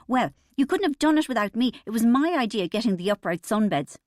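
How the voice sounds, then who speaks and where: A woman voicing a defensive Irish wife in an audiobook, with a posh put-on accent and a shrill voice. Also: lively intonation, fairly quick, darkish tone, no echo, studio quality, natural voice.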